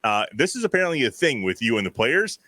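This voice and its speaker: A man co-hosting an interview in a relaxed, joking way. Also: mid-range voice, fast talker, dry recording. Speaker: podcast co-host. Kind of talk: casual interview chat.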